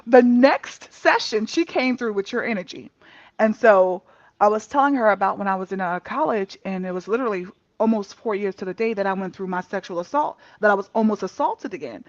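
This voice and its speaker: A woman telling a personal story in a candid casual chat over a video call, animated and laughing often, cursing freely. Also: medium pitch, brisk, no room sound. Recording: dull muffled lo-fi mic.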